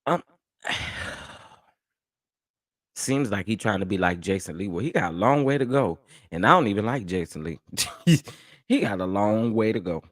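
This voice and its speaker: Lowish male host, chatty and dismissive livestream commentary, dry close mic. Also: animated, normal speed, pauses often, dry recording. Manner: chatty, dismissive, laughs often.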